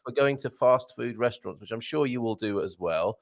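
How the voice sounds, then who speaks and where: A man's voice: mid-range voice, fairly quick. English guy hosting a live show, jokey, voice bounces all over, laughs a lot. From England. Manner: jokey, animated, laughs often. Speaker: host.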